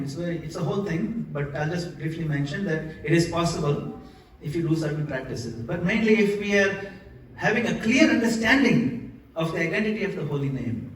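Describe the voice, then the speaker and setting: A man's voice: fairly high pitch, recorded from a distance, a little hiss or hum. Man lecturing in an echoey temple hall. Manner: questions the audience, demonstrates chanting. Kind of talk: sermon with audience questions. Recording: echoey hall, recorded from afar.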